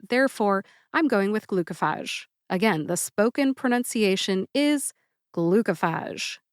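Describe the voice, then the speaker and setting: A woman hosting a pharmacist's podcast, speaking deliberately and spelling out syllables in a scripted educational style. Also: mid-range voice, smooth, dry recording, clean studio sound. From United States.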